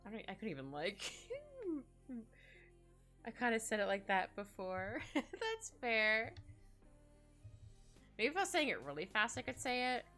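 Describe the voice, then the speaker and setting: A woman's voice: on the high side, very animated, measured pace, long pauses, sharp tone. A woman casually chatting while she draws on a stream, rambling and giggly as she reads and answers her chat. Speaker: art streamer. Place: home streaming setup. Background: faint background music.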